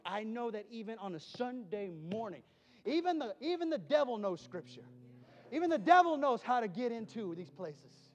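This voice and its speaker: Male preacher with a very high voice, emphatic, echoing church hall. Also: lively intonation, normal speed, muffled recording. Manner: emphatic, shouting peaks, storytelling asides. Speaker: traveling preacher. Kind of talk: sermon. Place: church sanctuary.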